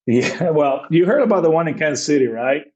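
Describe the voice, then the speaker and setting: A man's voice: on the high side, lively intonation, a little fast, a little mellow, low-quality recording. A man in his forties, a baseball manager, telling rambling stories as a podcast guest, full of fillers and acted-out quotes. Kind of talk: casual storytelling interview.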